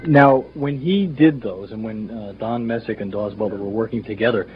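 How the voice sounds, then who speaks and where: A man asking questions in an interview, in a hesitant way with many pauses. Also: lowish voice, soft background music. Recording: dull archival recording with faint hiss.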